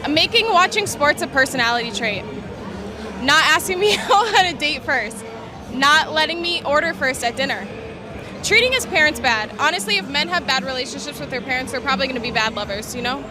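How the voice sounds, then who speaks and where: Woman in her 20s, high voice, street interview, crowd and music behind. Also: expressive, brisk. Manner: listing opinions matter-of-factly.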